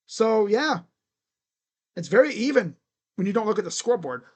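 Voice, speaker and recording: A streamer giving live play-by-play reaction to a basketball game, reading out stats and getting excitable, repeating catchphrases and laughing. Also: medium pitch, normal speed. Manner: reads out box score stats.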